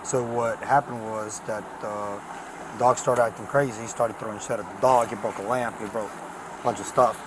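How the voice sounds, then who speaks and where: A man's voice: fairly low pitch, fairly even intonation, moderate pace. A man, a police officer, briefs a colleague outdoors in a matter-of-fact way. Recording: body cam audio with street noise.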